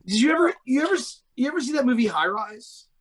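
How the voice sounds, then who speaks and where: Man, Baltimore accent, high voice, rambling, jokey podcast banter. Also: very animated, fast talker, crowd noise. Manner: rambling, jokey, full of "like" and restarts. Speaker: podcast co-host. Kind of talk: casual comedic chat.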